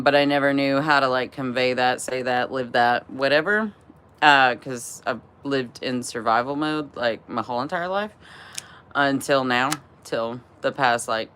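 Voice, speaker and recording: A woman's voice: deep voice, bright, forceful tone, smooth. A woman in her thirties telling a personal story to a live chat, swearing freely, laughing, and using lots of fillers. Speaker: livestream host.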